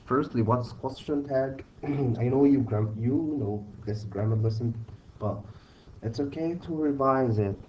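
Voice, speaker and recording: A man's voice: medium pitch, unhurried. Man teaching grammar, distant dull recording. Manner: patient, repeats "okay?" to check understanding. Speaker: English teacher. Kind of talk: online grammar lesson. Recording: distant, dull mic with faint hiss.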